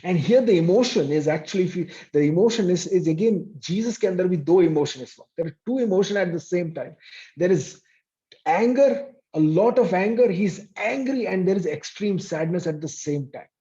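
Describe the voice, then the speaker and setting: Man preaching, dark muffled voice. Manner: switches between English and Hindi, repeats phrases for emphasis; rises to a raised, intense pitch when stressing a point. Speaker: pastor. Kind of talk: bilingual sermon in English and Hindi. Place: church service.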